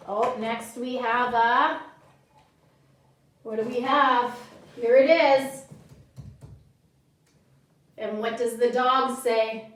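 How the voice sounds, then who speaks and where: High-voiced, unhurried woman yoga teacher. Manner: bright encouraging instructions to children. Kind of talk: guided children's yoga with storytelling. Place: yoga studio. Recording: echoey room, from far off.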